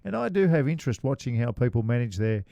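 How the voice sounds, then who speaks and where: A man co-hosts a golf podcast in a relaxed, joking way, with quick asides. His voice sits mid-range and sounds close and dry, with no room in it. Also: mid-range voice, creaky, no room sound, dull audio. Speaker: podcast co-host. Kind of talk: casual golf chat.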